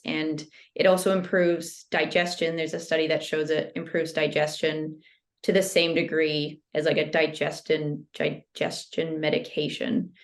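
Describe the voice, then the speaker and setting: Low-voiced woman explaining health tips. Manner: steady, explanatory, uses "like" often. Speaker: health guest. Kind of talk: casual interview explanation.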